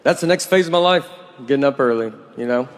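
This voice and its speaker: A man's voice: medium pitch, quick pace. A man in his forties doing a stand-up comedy routine, dry, rambling and self-deprecating. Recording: noisy live recording.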